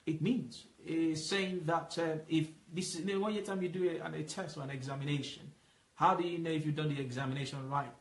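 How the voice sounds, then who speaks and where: A man's voice: on the high side, fairly even intonation. A man leading a Bible study, explaining patiently and asking questions for the listener to fill in. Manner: asks questions and lets the listener fill in the answer; explains patiently, repeating points slowly. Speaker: Bible teacher. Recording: roomy echo.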